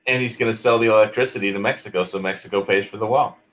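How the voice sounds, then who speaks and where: A man chats on an online panel and rambles, filling gaps with "you know" and "like." His voice is very low. The tone is bright and edged. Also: fairly even intonation, racing, rough recording. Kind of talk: casual online panel chat.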